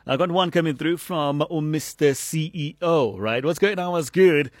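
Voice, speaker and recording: A man hosting a lively morning radio show, mixing English with Zulu slang. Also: a little high, moderate pace, no echo, studio quality.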